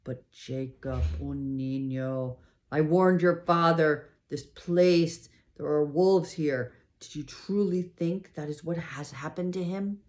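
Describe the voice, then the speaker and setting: A woman reading aloud, voicing a kindly middle-aged cafe owner who speaks gently and earnestly. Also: a bass voice, steady tone, measured pace, few pauses. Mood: grave.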